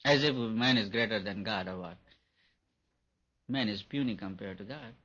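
A husky-voiced man teaches meditation at a gentle, unhurried pace. He keeps circling back to repeat his points. The recording sounds dull and lo-fi. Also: fairly low pitch. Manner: gentle, repetitive, chuckles often. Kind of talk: spiritual talk to an audience.

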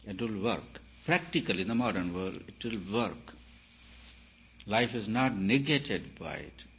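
A man with a lowish voice delivers a spiritual talk, pressing his points through repetition. His loudness swells and drops as he emphasizes. The recording is dull and lo-fi, with a faint hiss behind him. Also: animated, measured pace. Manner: emphatic, repeats phrases, rises and falls in loudness. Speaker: spiritual teacher.

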